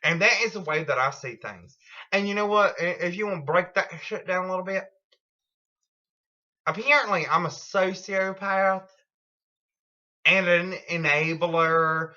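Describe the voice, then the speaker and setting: Woman ranting at home, bright voice, swears a lot, kinda muffled lo-fi sound. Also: lowish voice. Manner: profane, blunt, rambling storytelling. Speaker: vlogger. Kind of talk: casual storytelling vlog.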